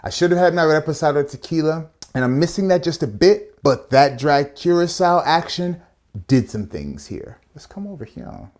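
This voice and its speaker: A man's voice: fairly high pitch, sing-song, normal speed, a little mellow. A man hosting a casual cocktail tutorial, chatty and playful, with asides and slang as he builds a drink. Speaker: bartender and channel host.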